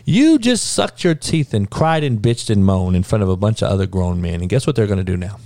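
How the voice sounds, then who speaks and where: A man hosting a podcast, ranting angrily about sports with heavy profanity, mocking and swinging between loud outbursts and low mutters. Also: very animated, a little fast, no echo. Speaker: podcast host.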